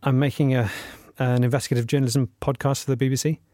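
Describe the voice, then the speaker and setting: A man narrating a comedy podcast investigation in an earnest, self-important, deadpan way. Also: mid-range voice, quick pace, no echo.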